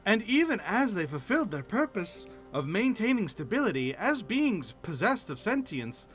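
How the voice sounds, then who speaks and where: A man's voice: high-pitched, very animated, normal speed, fairly bright tone, soft background music, pitched above the performer's own voice. A man reading aloud the lines of an earnest woman adventurer who talks in an old-fashioned way. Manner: earnest, archaic read-aloud delivery.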